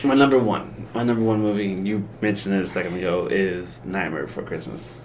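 A man's voice: low-pitched, steady tone, brisk, a little mellow, slight background noise. A man co-hosting a podcast, talking about a favorite film in a plain, easygoing way. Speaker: podcast co-host. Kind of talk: casual chat.

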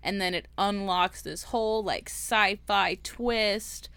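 A woman's voice: mid-range voice, slow, fairly bright tone, clear, resonant tone, no room sound. A woman co-hosting a casual book podcast, telling crude, jokey stories with lots of laughter. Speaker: podcast co-host.

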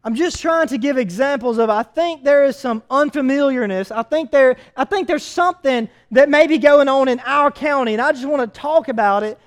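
A man's voice: very high voice, moderate pace, hardly any pauses. A man preaching a sermon as pastor, telling stories in a conversational way with frequent fillers. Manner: conversational storytelling with hesitant fillers.

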